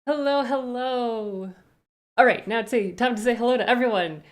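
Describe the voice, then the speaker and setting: A woman's voice: on the high side, moderate pace. A woman streamer chatting casually on a live stream, greeting viewers one by one with rambling asides.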